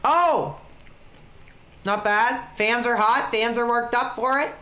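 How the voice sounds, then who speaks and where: A man's voice: very high voice, a little slow, bright, forceful tone. A man chatting casually on a webcam stream, reacting to a wrestling match as he watches along. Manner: laid-back, chatty, reacting to the action.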